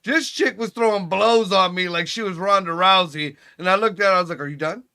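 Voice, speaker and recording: Middle-aged guy, high bright voice, swears a lot telling stories, casual podcast chat. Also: a little fast, clean tone. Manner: crude, profane storytelling. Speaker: podcast co-host.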